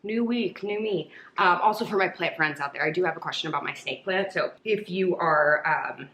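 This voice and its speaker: Slightly out of breath after a workout, a lifestyle vlogger chats at home to a camera on a tripod, peppering her casual talk with lots of "um" and "like." Her voice is fairly low, a bit bright, and at normal speed, on a low-quality recording with slight background noise.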